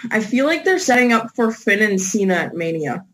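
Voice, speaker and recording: A woman's voice: mid-range voice, sing-song, brisk, a bit bright, poor audio. Laid-back woman co-host. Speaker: podcast co-host. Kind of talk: casual chat.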